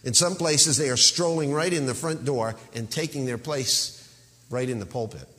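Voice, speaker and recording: A man's voice: mid-range voice, normal speed, a bit bright, long reverb tail. A male pastor preaching an earnest, emphatic sermon with a warning tone.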